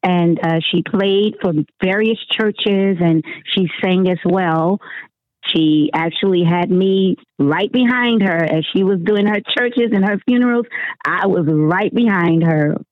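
A woman's voice: lowish voice, measured pace, dry recording. A woman from Miami, a gospel singer and worship leader, answering interview questions over the phone in an effusive way, often laughing and repeating words. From Miami, Florida. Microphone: telephone. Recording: tinny phone line, dry.

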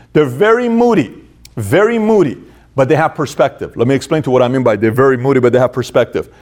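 A man's voice: fairly high pitch, darkish tone. A man hosting a motivational business talk, speaking emphatically, repeating phrases and acting out people's inner dialogue. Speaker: host.

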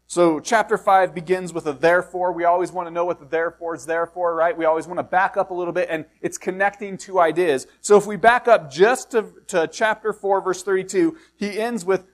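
Speaking at a moderate speed and barely pausing, a middle-aged pastor from the US gives a sermon in a high voice. His style is conversational as he works through a passage, often putting rhetorical questions to the congregation.

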